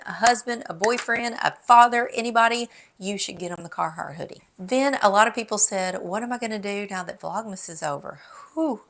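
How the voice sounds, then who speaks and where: A middle-aged woman with a Southern drawl talks straight to her viewers, chatty and friendly, dropping the odd "y'all". It sounds like a casual home vlog recorded at her desk. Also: mid-range voice. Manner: chatty and warm, says "y'all". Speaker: lifestyle YouTuber. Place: home office.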